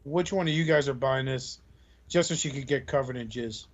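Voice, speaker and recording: A man's voice: medium pitch, normal speed, dull audio. A man co-hosting a casual podcast, teasing his friends with crude banter. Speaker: podcast co-host. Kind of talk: casual chat.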